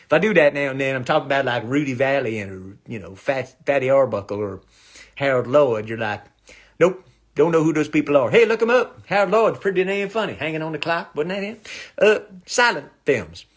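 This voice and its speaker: Husky-voiced man rambling crude comedy. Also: mid-range voice, sing-song. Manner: fast, swaggering and crude, with whoops and laughs. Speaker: comedian doing a live stream. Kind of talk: rambling comic monologue. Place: small home studio. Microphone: phone or webcam on a live stream.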